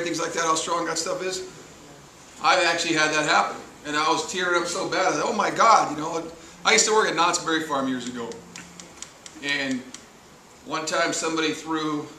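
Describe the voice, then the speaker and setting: A man's voice: on the high side, bright, forceful tone. A male firefighter instructor, giving a casual training lecture, chatty and full of anecdotes and questions to the class. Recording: echoey room, voice from far off, faint noise.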